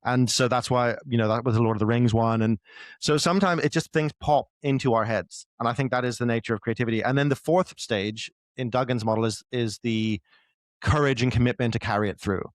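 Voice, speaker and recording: A man's voice: medium pitch, a little fast, dry recording. A man, a writer, talking as a guest in a casual conversation, explaining ideas loosely with lots of fillers.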